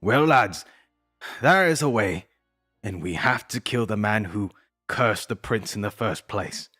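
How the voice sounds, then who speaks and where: A man voicing a calm, confident veteran warrior who speaks with a folksy burr and calls people lad. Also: lowish voice, a little slow, soft background music, exaggerated voice. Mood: serious. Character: seasoned male warrior guide, calm and confident.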